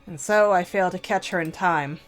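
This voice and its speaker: Let's-play host, a woman, low-pitched, slow measured visual-novel narration. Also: soft background music. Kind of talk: reading a visual novel aloud.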